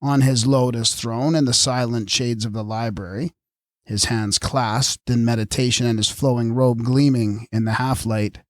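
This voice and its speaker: A man reads a story in a measured, even narrating voice at a middle pitch. The recording is close and dry, with no room sound around him. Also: no room sound. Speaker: audiobook narrator. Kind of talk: scripted narration.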